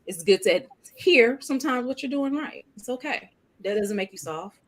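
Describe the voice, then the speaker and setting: A woman's voice: on the high side, lively intonation, normal speed. A woman on a casual panel chat, teasing and outspoken. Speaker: panel regular.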